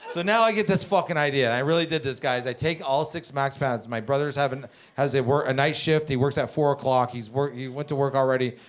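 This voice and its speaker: A man in his twenties from Canada doing stand-up, telling family stories in a profane, animated, rambling way. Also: mid-range voice, brisk, few pauses. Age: 20s. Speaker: stand-up comedian. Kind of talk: stand-up comedy storytelling.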